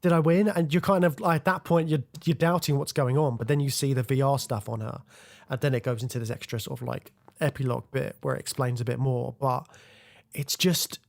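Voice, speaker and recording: A man's voice: mid-range voice, fairly quick, gravelly. A man co-hosting a film podcast, talking casually and rambling with lots of fillers. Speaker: podcast co-host.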